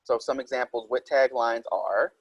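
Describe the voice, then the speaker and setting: Male teacher, husky voice, dry close recording, patient step-by-step explaining. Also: mid-range voice, normal speed, no echo, highs cut off. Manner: explains step by step, reads example sentences aloud. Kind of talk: recorded writing minilesson.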